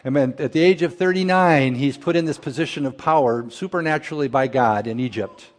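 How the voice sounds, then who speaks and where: A man's voice: mid-range voice, fairly quick. A middle-aged man preaching a sermon as pastor, folksy and storytelling in manner. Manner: folksy storyteller, acts out characters in a joke. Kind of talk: sermon with a told joke.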